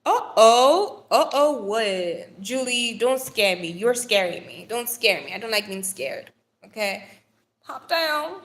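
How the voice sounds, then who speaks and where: A woman's voice: on the high side, sing-song, takes it slowly, slight background noise. Bubbly young woman chatting on a phone livestream. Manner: bubbly, playful, swears casually, calls viewers darling. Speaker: live stream host. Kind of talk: chatty live stream talk to viewers. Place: Nigeria.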